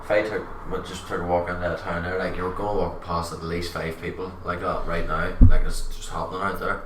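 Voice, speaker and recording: Deep-voiced, blunt young man. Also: level tone, a little fast. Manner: blunt, swears freely. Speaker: podcast guest. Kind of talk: casual chat. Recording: distant, roomy, loud noise.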